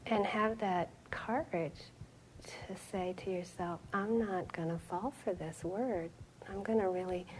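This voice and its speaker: A middle-aged woman teaching meditation, her voice sitting in an ordinary middle range. She talks in a reflective, storytelling way, with soft pauses. The delivery is that of a gentle dharma talk. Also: mid-range voice, a little hiss or hum, poor audio.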